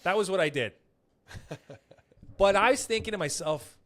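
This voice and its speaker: A young man hosting a casual podcast, telling stories in an animated, profane way. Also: high voice, a little slow, long pauses. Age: young adult. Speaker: podcast host; comedian.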